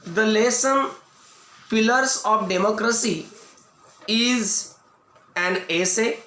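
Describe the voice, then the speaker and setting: A man with an Indian English accent teaches a lesson in a video lecture, speaking slowly and deliberately and repeating each point. His voice sits fairly high. The recording rings with the echo of a roomy space. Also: bright, forceful tone. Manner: slow, repetitive explaining, restating each point. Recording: echoey room.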